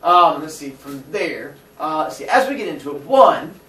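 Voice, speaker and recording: A man's voice: a little high, animated, moderate pace, fairly bright tone. A man teaching a class, joking and teasing his students as he goes through the lesson. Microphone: distant recorder in the room. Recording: distant, echoey classroom with noise.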